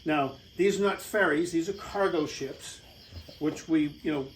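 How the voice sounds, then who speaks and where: A man's voice: fairly high pitch, unhurried, slight background noise, poor audio. A middle-aged American man telling a rambling, casual travel story over slides, with lots of fillers and laughs. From United States.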